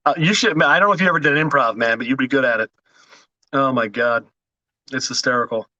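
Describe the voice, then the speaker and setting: A man's voice: medium pitch, fast talker, pushed and bright, no echo, muffled recording. A middle-aged man, chatting as a podcast host, swearing freely, laughing and rambling with restarts. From Washington DC area. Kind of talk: casual chat.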